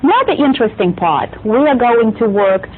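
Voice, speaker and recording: A woman's voice: on the high side, lively intonation, normal speed, husky, phone-quality sound. A woman teaching a language lesson, patiently repeating and drilling words for the learner. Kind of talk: slow, clear vocabulary lesson.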